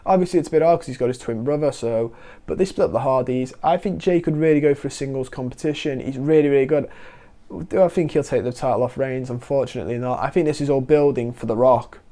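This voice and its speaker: Male host, mellow timbre, casual chatty review delivery. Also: mid-range voice. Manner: animated, quoting wrestlers in quick asides. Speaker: wrestling podcast host.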